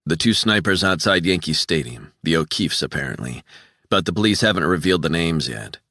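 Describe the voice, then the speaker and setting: A man as a terse, calm investigator. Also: low voice, a little fast, no echo, studio quality. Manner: terse, level.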